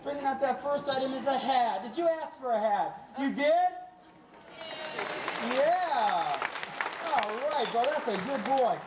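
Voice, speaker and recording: A man hosting a live animal show, playful and jokey, calling quick commands to a dog and teasing a volunteer. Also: very high voice, lively intonation. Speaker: animal trainer and show host. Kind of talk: live stage show patter. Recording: echoey, distant, crowd noise, amateur camcorder. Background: audience cheers and laughter.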